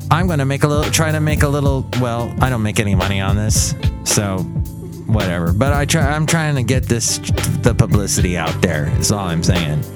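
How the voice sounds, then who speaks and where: Rambling, jokey male podcast host. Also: medium pitch. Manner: rambling, jokey, self-correcting. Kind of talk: casual solo podcast monologue.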